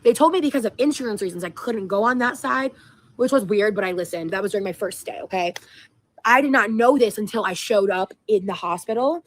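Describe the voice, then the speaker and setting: A woman's voice: mid-range voice, a little fast, a little hiss or hum. Woman vlogger, casual rambling storyteller, many ums. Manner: rambling, lots of fillers.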